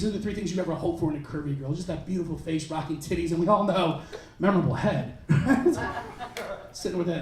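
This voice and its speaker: Stand-up guy on a club stage, fairly high voice, roomy sound w/ the crowd cracking up. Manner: crude, animated storytelling with shouted punchlines. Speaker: stand-up comedian. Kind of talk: stand-up comedy set. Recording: roomy club sound, mic heard from a distance, crowd laughing. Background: audience laughter.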